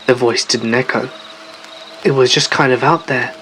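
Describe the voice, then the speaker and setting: A man narrating a first-person campfire horror story with a mid-pitched, even voice. His delivery is steady and measured, and faint music plays quietly underneath. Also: rough recording.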